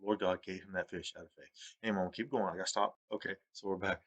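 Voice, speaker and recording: A man's voice: fairly even intonation, rapid-fire, a bit bright, muffled recording. A man telling rambling stories about fishing trips, repeating himself, chuckling as he goes, and raising his voice to quote others. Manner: raises his pitch when quoting others. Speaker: storyteller recounting fishing trips. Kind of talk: rambling personal storytelling.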